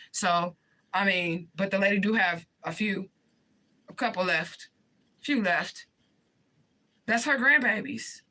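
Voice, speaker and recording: On a rough recording, a woman addresses her vlog audience face-on in a rant, cursing frequently and begging them with repeated emphasis. Her mid-range voice sounds bright and forceful, the delivery impassioned.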